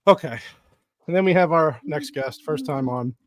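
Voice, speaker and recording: A man's voice: a little high, normal speed. A man hosting a casual movie podcast, joking and laughing often with his guests. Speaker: podcast host. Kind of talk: casual chat.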